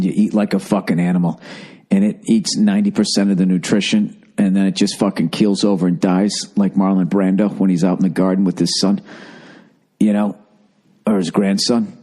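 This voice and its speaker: A man's voice: on the low side, a little mellow, slightly rough. A middle-aged man hosting a solo podcast, rambling in a profane, exasperated comic rant, overfull and thirsty. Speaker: podcast host.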